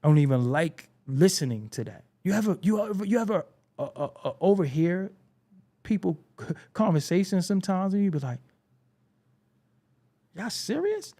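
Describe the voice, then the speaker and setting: Brooklyn guy ranting on his show, raspy fry in his voice, kinda high, cusses a lot. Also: lively intonation, fairly quick, mellow. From Brooklyn, New York. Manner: blunt, preachy, swears freely. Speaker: show host. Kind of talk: casual commentary monologue.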